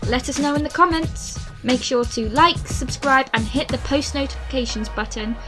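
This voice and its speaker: A woman reading a scripted narration in a steady, measured way as the host of a list video. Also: sits high. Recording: music bed underneath.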